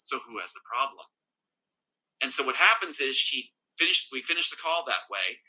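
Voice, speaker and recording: Husky-voiced man, very bright and emphatic. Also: mid-range voice, sing-song, moderate pace, low-quality recording. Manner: agitated, emphatic, repeats himself. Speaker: interview guest. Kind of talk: emotional personal account.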